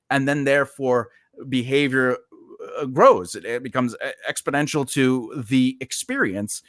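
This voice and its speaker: A man talks through his ideas in a reflective, explanatory way, with a very lively, up-and-down pitch. The sound is dry and close, with little room echo. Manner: reflective, explanatory, repeats words. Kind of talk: casual chat.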